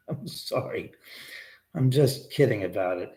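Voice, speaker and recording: A man's voice: lowish voice, expressive, takes it slowly, dark tone. A man hosting a casual livestream from his house, rambling and swearing freely as he talks to his dog and answers viewers. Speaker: livestream host. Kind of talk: casual live-stream chat.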